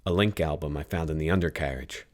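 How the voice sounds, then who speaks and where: A man voicing an excitable, curious young woman in an audiobook. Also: extremely low pitch, fast. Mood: eager. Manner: eager, rising excitement.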